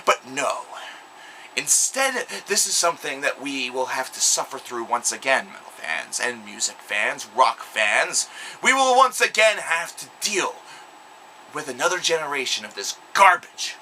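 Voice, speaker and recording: A man's voice: mid-range voice, very animated, measured pace, sharp tone, slight background noise, rough recording. A young man delivering an angry, sarcastic, profanity-laced vlog rant. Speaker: video blogger. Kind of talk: ranting vlog monologue.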